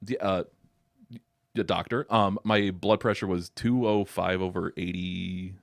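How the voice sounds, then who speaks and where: A man's voice: low voice, fairly even intonation, unhurried, creaky, no room sound. A young man chatting as a podcast guest, telling rambling stories with plenty of swearing and laughter. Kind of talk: casual chat.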